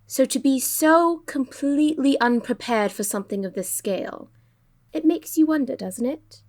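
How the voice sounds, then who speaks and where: A woman voicing a composed female ship captain who talks calmly and with pointed politeness. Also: high-pitched, moderate pace, natural voice. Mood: measured.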